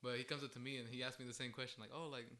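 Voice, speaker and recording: Bright-voiced young man rambling a story. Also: medium pitch, level tone, very fast. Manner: rambling, heavy use of "like", laughs often. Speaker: podcast guest telling a story. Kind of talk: casual storytelling.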